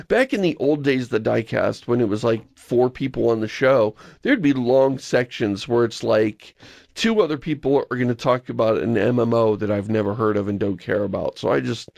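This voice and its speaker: A man's voice: mid-range voice, moderate pace, vocal fry, darkish tone, dry recording. A man co-hosting a podcast in casual chat, rambling and wry, with an exasperated edge. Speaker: podcast co-host.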